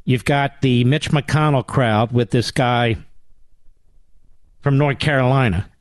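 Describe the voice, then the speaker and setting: A man's voice: medium pitch, slow pace, no echo. Talk radio guy ranting, repeats himself for punch, dry mic. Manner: indignant, emphatic, repeats lines for effect. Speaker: radio talk show host. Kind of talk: talk radio monologue and calls.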